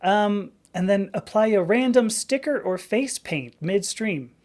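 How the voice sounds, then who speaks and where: A chatty woman in her fifties hosts a live stream in a loose, rambling way. She laughs often and keeps circling back to restart her thoughts. Her pitch sits in the middle range for a woman. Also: expressive, unhurried, darkish tone. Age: 50s. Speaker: livestream host. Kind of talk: casual live-stream chat.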